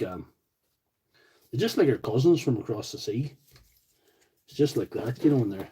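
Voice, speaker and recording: A man's voice: mid-range voice, mellow, a little hiss or hum, low-quality recording. A man from County Tyrone with a Northern Irish accent, chatting casually on a tool repair livestream, joking and answering viewer comments while he works. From Northern Ireland. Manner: chatty, joking, rambling asides while working.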